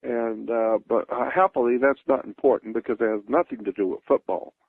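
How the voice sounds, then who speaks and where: A man with a gravelly, husky voice holds forth insistently on a radio talk show. His delivery is dry and close, squeezed through a tinny phone-line radio sound. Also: medium pitch, brisk, dry recording. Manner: insistent, sweeping claims.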